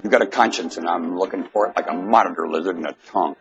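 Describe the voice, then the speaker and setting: A man delivering a preachy ranting monologue into a webcam at home, jumping between shouted outbursts and low mutters and firing rhetorical questions at the listener. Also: fast talker, creaky, muffled recording, faint music behind. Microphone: webcam microphone.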